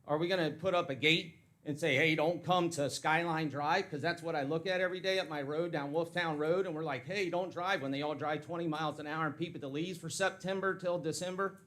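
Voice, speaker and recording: A man's voice: on the high side, steady tone, fast talker, few pauses, fairly bright tone. A man giving a heated, blunt public comment at a county meeting. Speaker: citizen speaking at public comment. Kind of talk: angry public comment speech.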